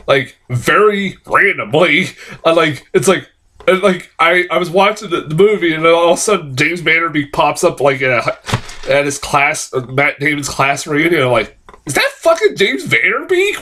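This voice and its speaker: A man giving a casual, rambling film review, swearing a lot and stumbling through restarts, jumping higher whenever he quotes a line. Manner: rambling, heavy swearing, many fillers and restarts; jumps to high, excited pitch when quoting lines.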